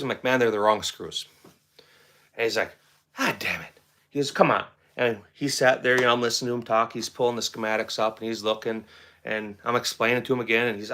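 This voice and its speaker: Bright-voiced man telling a rambling story. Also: mid-range voice, fairly even intonation, fairly quick. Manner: rambling, repeats words, conversational. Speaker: firearms channel host. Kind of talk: casual storytelling to camera.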